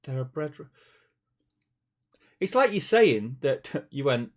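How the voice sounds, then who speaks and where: A man's voice: mid-range voice, very animated, slow, long pauses. A man, co-hosting a casual live stream. He rambles, restarts his sentences and laughs often. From Manchester, England. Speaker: co-host of a tabletop wargaming stream.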